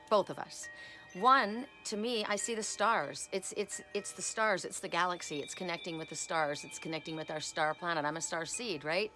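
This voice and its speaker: A woman reading oracle cards who talks through her yard in a rambling, heartfelt way, repeating herself as she goes, with wind chimes behind her. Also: mid-range voice. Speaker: oracle card reader. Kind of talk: casual spiritual vlog, showing her yard.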